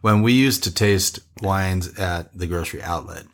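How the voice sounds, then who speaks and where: Low-voiced man, rambling wine chat. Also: moderate pace. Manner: rambling, self-interrupting. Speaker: wine podcast co-host. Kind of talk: casual chat.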